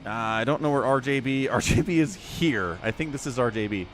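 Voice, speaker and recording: A man's voice: mid-range voice, a little fast, a bit bright, faint music behind. A man casting a strategy game on a live stream, chatty, laughing often and greeting viewers. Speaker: game caster.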